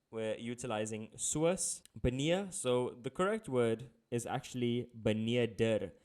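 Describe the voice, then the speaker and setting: A man's voice: on the low side, darkish tone. A man, tutoring in a casual, playful way with jokey asides. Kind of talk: casual exam-prep lesson.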